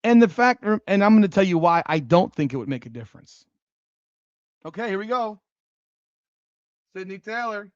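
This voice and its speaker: A man with a fairly high voice talks through a live game reaction, exclaiming and cursing at each play. He keeps putting the same rhetorical question to his viewers. The sound is dry and a little dull, like a modest home mic. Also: moderate pace, pauses often, dry recording. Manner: excitable, exclaims and curses at plays; repeats rhetorical questions to chat. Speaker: livestream host.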